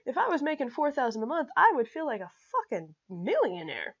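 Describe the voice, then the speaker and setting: Energetic woman teaching money basics, lo-fi. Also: on the high side, normal speed, husky. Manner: energetic, frequent "okay?" check-ins, blunt and emphatic. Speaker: personal finance teacher. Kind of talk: casual explanatory talk to camera.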